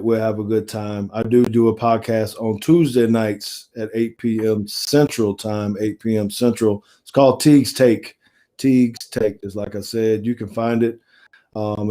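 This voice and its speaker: Animated man telling stories. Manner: animated storyteller, acts out quoted dialogue with rising pitch. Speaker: guest, former pro football player and coach. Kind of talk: casual storytelling interview.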